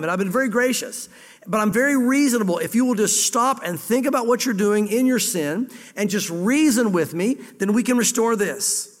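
A male pastor preaching a sermon, voicing God's words in first person, with sudden loud emphatic bursts that drop low again. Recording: long hall reverb.

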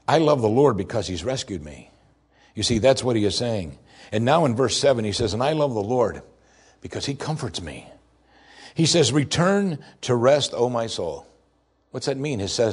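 Husky guy preaching, goes big then drops real soft on the verses. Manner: expressive, swings from raised emphasis to soft low tones. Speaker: pastor. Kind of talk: sermon.

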